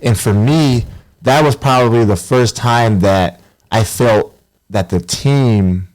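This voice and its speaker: A man's voice: mid-range voice, takes it slowly, a little mellow. A man, a professional basketball player guesting on a podcast, telling stories animatedly and acting out voices. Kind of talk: casual storytelling interview.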